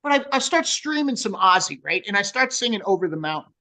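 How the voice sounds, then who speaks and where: A metal singer in his sixties with a New Jersey accent tells swearing-filled stories in a casual interview. His voice is high and a little fast, and he's animated throughout, though the recording is rough.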